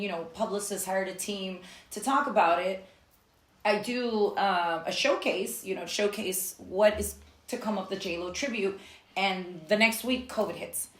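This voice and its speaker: Woman guest, animated storyteller, mid-pitched voice, echoey room. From Las Vegas, USA. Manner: animated, acts out quoted voices with big pitch jumps. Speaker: guest, tribute artist. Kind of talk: casual interview storytelling. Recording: roomy echo.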